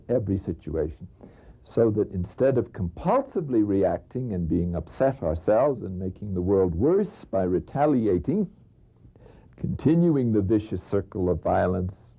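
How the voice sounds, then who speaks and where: Older priest telling lively stories. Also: male voice, lowish voice, slightly rough. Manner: lively storytelling, chuckles, drops to a hush for emphasis. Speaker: priest giving a spiritual conference. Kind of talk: spiritual talk with anecdotes. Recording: dull lo-fi recording.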